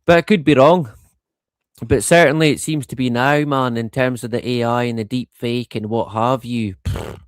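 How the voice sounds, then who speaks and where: A man's voice: mid-range voice, fairly even intonation, moderate pace, no echo, clean studio sound. A man hosting a livestream in a casual, rambling monologue, laughing often and swearing freely. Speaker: livestream host.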